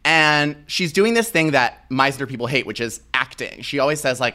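A young man in casual chat, telling a story with animated delivery and frequent laughs. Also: medium pitch, brisk, few pauses. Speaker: podcast co-host.

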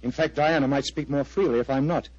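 A man's voice: mid-range voice, fairly even intonation, fairly quick, a little mellow, lightly acted. An actor playing an agitated, earnest clergyman in a vintage radio drama, pleading and intense. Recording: dry, dull lo-fi old radio recording.

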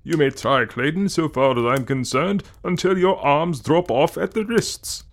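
A man voicing a skeptical, dismissive gentleman who speaks in a brash, mocking way. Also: fairly high pitch, unhurried, voice pushed up.

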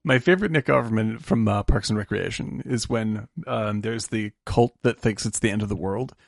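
A man co-hosting a podcast in casual chat, animated, laughing often and swearing casually. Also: fairly low pitch, normal speed, creaky, dry recording, studio quality. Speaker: podcast co-host.

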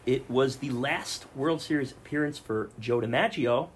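A man's voice: mid-range voice, normal speed, slight background noise. A man hosting a casual podcast, reading off film facts and joking with his co-hosts. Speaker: podcast host.

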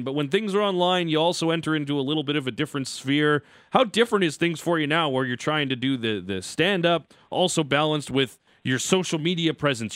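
A man hosting a sports radio show, running through segment links and interviewing a guest with brisk, upbeat delivery. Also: on the high side, fairly bright tone, dry recording, clean studio sound. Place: radio studio. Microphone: studio microphone.

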